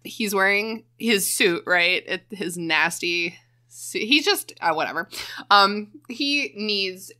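Bright-voiced laughing woman podcaster. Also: medium pitch, takes it slowly. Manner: animated, laughing, swears freely. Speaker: podcast co-host. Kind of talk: casual podcast chat.

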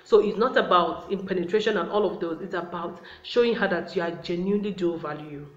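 A woman's voice: fairly low pitch, a little fast. A woman giving relationship advice to the camera in a casual, chatty way, often calling her viewers guys. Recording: roomy, slightly dull sound.

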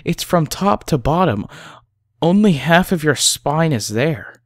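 A man voicing a panicked, badly hurt young woman who shouts and pleads in a horror story reading. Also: a little high, very animated, slow pace, dry recording, studio quality, voice pushed up. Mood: horrified.

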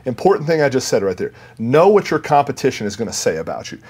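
A man speaking as a sales guest on a business talk show, emphatic and energetic when he explains his sales rules. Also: mid-range voice, quick pace, husky. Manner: energetic, emphatic, self-coaching.

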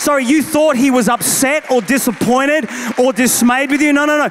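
A pastor preaches from a church stage, animated and funny, slipping into other voices to make his points. His voice sits very high for a man. The sound rings with the long reverb of a large hall. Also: normal speed, a faint crowd, a little hiss or hum. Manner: animated, humorous, acts out voices. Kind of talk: sermon.

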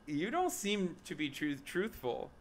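A man's voice: on the high side, wildly swooping pitch, measured pace. A young man hosting a casual live stream, rambling, joking and swearing often. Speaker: streamer host.

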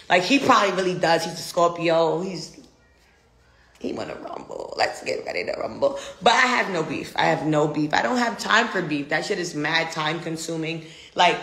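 A woman's voice: fairly low pitch, a bit bright, echoey room. An American woman ranting defiantly in a casual live video, brash and profane. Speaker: social media personality.

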